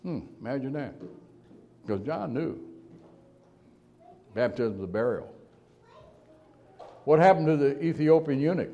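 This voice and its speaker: A man preaching a sermon, asking rhetorical questions and slowing down to stress key words, with quiet asides between louder emphatic points. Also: mid-range voice, animated.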